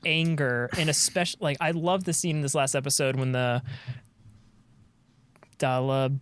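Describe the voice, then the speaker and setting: This man's voice sits fairly high and moves a little fast, with slight background noise behind it. Co-hosting a podcast, he chats casually and animatedly, rambling with plenty of fillers and restarts.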